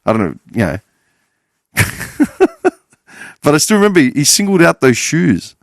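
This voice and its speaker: A man's voice: fairly high pitch, huge pitch swings, unhurried, creaky, dry recording, clean studio sound. A man in his forties hosting a podcast, talking in a casual, meandering monologue full of swearing and self-corrections. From Australia. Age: 40s. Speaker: podcast host.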